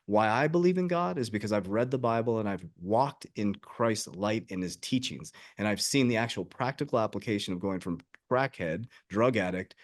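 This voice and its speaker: A man's voice: fairly low pitch, normal speed, hardly any pauses. A man who works as a life coach, talking earnestly and emphatically in a podcast conversation.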